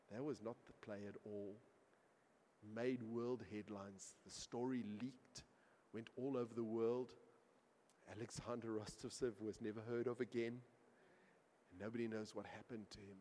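Male pastor mid-sermon, dynamic delivery from hushed to loud, church-hall reverb. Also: medium pitch. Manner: swings from quiet asides to loud emphatic storytelling.

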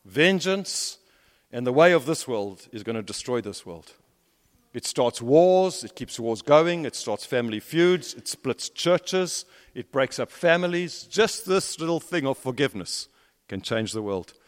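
In a church hall where long reverb trails his words, a male preacher delivers a sermon full of stories. Expressive and unhurried, he swings between emphatic, rising peaks and low, hushed drops.

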